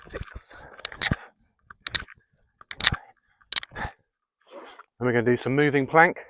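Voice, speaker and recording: A man's voice: mid-range voice, normal speed, sharp tone, no echo. A man leading an outdoor workout in the woods, coaching viewers through exercises and counting reps aloud. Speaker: fitness vlogger.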